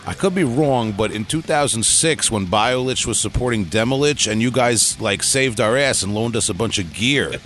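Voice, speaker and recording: A man's voice: mid-range voice, animated, moderate pace, few pauses, a bit bright, a little hiss or hum. A man hosting a podcast interview, talking loosely with many restarts and fillers. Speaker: podcast host. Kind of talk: casual interview chat.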